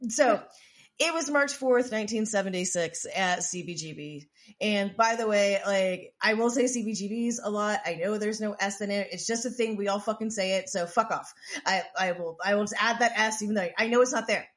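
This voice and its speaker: Woman on a podcast rambling through a story, swears a lot, keeps restarting sentences, mid pitch. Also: moderate pace. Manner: profane, rambling, with frequent restarts and "like". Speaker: podcast co-host. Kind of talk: casual storytelling chat.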